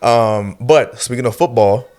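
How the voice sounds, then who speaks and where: This young man, at a medium pitch and an unhurried pace, co-hosts a podcast. He chats casually about football, relaxed and laughing often, hedging with plenty of fillers.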